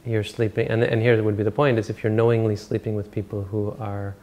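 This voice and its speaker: A man giving an informal Buddhist dharma talk as a monk teacher, rambling and halting with many restarts and self-corrections. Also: on the low side, flat delivery, a little mellow.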